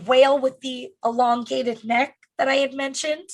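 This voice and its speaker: A woman's voice: high voice, flat delivery, moderate pace. A woman co-hosting a casual comedy podcast, chatty and loose, trailing off with fillers and the odd swear word. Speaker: podcast co-host.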